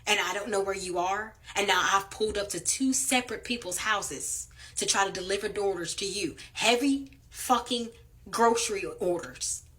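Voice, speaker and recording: A woman's voice: mid-range voice, moderate pace, a bit bright. A woman delivery driver ranting to camera in a blunt, profane, angry way.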